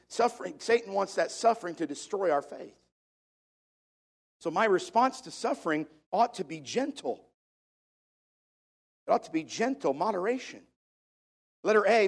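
A high-voiced man preaching a sermon from the pulpit. He is emphatic and slows right down to lean on the verses he quotes. His voice drifts on and off the microphone as he moves. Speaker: pastor.

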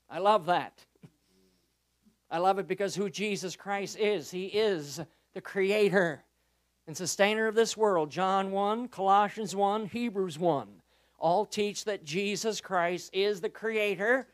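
A male Baptist pastor preaching a sermon, impassioned, swinging between quiet, drawn-out words and loud, rising emphasis. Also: high voice, smooth.

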